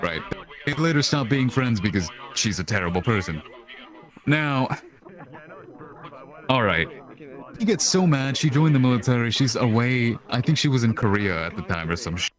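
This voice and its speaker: A young man telling a long, profane story in animated casual talk, acting out the quotes, over online voice chat. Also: mid-range voice, normal speed, long pauses.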